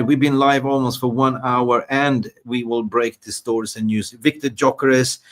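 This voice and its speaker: A man hosting a live football transfer show, excitable and rambling, repeating words for emphasis. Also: medium pitch. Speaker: host.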